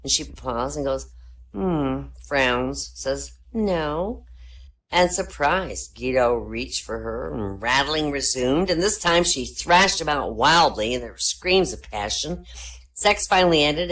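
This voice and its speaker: A woman telling jokes at an online comedy night in a deadpan storytelling manner, raising her pitch for the punchlines. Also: unhurried. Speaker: joke teller. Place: online voice chat room.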